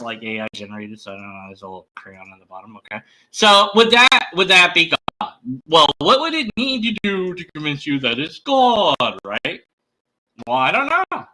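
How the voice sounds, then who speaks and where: A man's voice: fairly high pitch, bright, forceful tone, poor audio. A man talking casually to camera in a vlog, rambling with many fillers and restarts. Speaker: YouTuber.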